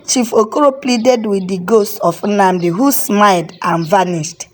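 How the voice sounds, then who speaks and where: A woman narrating a folk tale in a measured, dramatic way. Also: medium pitch. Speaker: storyteller.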